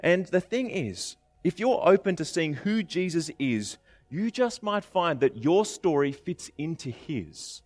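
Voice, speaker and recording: A man delivers an animated, chatty sermon in a fairly high voice, breaking into little voices for the people he quotes. The sound is dry and close, with faint music underneath. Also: measured pace, no echo. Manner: conversational and animated, acting out quoted speakers. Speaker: preacher.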